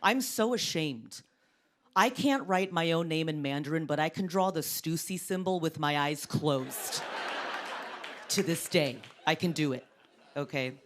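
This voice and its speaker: A woman in her thirties from Orange County doing stand-up on a TV studio stage, with a deep, sultry voice and deadpan, self-mocking delivery. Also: measured pace, slight background noise. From Orange County, California. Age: 30s. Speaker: comedian. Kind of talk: stand-up comedy. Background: studio audience laughter.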